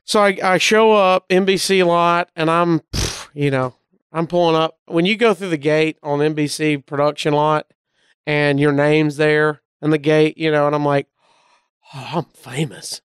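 A man from Alabama with a Southern drawl spins a story in casual talk, slipping in quick voices for the people in it. His voice is very smooth and clear, sitting a little high, and the sound is dry and close. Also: no room sound. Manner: animated anecdotes, acting out the voices of people in the story. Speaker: comedian guest.

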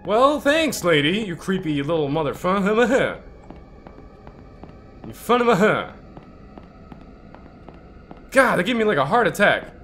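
A man playing a horror game and commenting, easily startled, swearing and yelling back at the ghosts. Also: a little high, a little hiss or hum. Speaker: gaming channel host.

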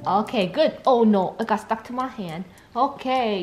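A young woman with a somewhat high voice records a casual home vlog on her phone. She coaxes her dog in soft baby talk and turns to chat with viewers, while faint music plays underneath. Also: unhurried, hardly any pauses. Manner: coaxing baby talk to a pet, chatty asides to viewers. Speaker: vlogger and dog owner.

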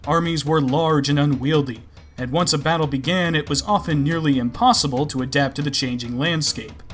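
A man's voice: a little high, a little fast, fairly bright tone, faint music behind. A man hosting his own video series, reading a scripted explainer with a wry, self-deprecating edge. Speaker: host of a video series on game mechs. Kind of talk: scripted narration.

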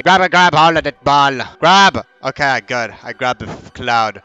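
A young man giving goofy gaming commentary, swearing and yelling at the game. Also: mid-range voice, expressive, normal speed, hardly any pauses, smooth, no echo. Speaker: let's play host.

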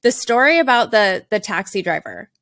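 A woman's voice: medium pitch, very animated, normal speed, a bit bright, no room sound, clean studio sound. A woman hosting a podcast interview, speaking in an effusive, grateful way to her guest. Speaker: podcast host. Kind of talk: interview chat.

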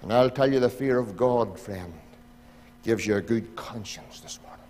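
A Northern Irish pastor preaching a sermon in a church, pleading with his congregation and swinging from loud appeals to hushed asides. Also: medium pitch, normal speed. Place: church sanctuary. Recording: church hall reverb.

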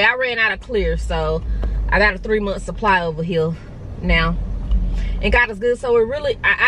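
A young vlogger with a medium-pitched voice talks to a handheld phone camera, animated and outspoken, cursing freely in casual chat. She films in stores and a car, whose noise is audible in the background.

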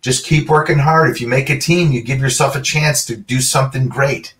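A middle-aged man, a former football player, recounts his career in a casual, animated way. His voice sits in the middle range and he jumps into the voices of the people he quotes. He sounds slightly distant from the microphone. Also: mid-range voice, fairly quick. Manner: animated storyteller, acts out quoted dialogue. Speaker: interview guest, former pro football player. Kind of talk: casual storytelling.

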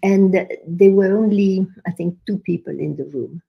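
Older woman, low gravelly voice with a husky edge, telling a story on a podcast. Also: normal speed, muffled recording. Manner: animated storyteller, quotes others with rising emphasis. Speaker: podcast guest. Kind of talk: storytelling in conversation.

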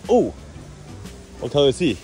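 A vlogger dad chats casually on a family shopping trip with his toddler in a big warehouse store, using playful sing-song baby talk and laughing often. His medium-pitched voice is very animated, with vocal fry and a darkish tone, at a moderate pace. Background music plays under his voice.

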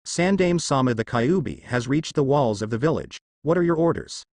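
A man voicing a masked ninja soldier giving an urgent report in a fanfiction audiobook reading, raised in pitch. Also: expressive, normal speed, a little mellow, dry recording, studio quality, close to an everyday voice.

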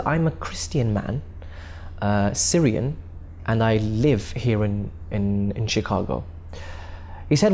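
A man's voice: medium pitch, mellow. A man recounting his recitation tour in a documentary interview, earnest and often repeating and restarting words.

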